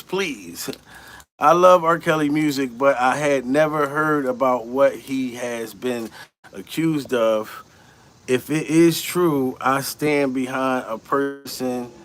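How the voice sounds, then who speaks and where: A man doing a comedic, profane rant, incredulous and animated, laughing often as he talks. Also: fairly high pitch. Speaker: comedian commentator.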